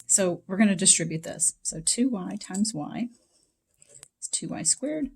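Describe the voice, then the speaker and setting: A woman's voice: medium pitch, animated, a little slow, gravelly, breathy edge. A woman teaching math in a casual recorded lecture, talking straight to her students in a chatty way from her home basement. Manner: chatty, talks to students directly.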